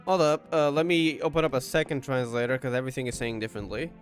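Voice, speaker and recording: A man talks casually through a game playthrough at an average pitch. He reads the translated lines aloud, chuckles and wonders out loud about their meaning. Soft game music plays underneath. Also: fast talker. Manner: muses aloud, chuckles, stops to puzzle over translations. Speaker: streamer reacting to a game.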